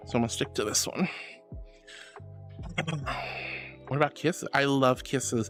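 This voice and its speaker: A VTuber streamer reading out chat messages, bubbly and affectionate, calling viewers sweetie and squealing with excitement. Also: measured pace, long pauses, soft background music. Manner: swoops into high squeals of excitement.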